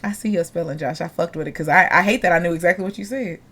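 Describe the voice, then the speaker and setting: A woman's voice: fairly low pitch, quick pace, a bit bright, slightly rough. A woman hosting a casual podcast chat over a video call, joking, teasing and swearing freely. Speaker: podcast host.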